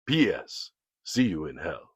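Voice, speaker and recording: A man's voice: sits low, big pitch swings, a little slow, fairly bright tone, breathy edge, no echo, heavily acted. A man voicing a pompous male cartoon coyote who calls himself a genius, delivering a theatrical performance poem. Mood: defeated. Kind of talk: performance poetry. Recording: dull, dry recording.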